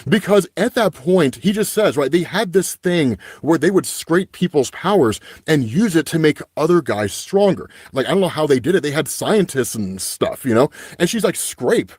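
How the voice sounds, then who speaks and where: A man's voice: fairly high pitch, lively intonation, normal speed, few pauses, darkish tone, breathy edge, no room sound, clean studio sound. A young man hosting a casual comic book recap, animatedly paraphrasing the characters' dialogue with frequent "right?" asides. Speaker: comic book channel host.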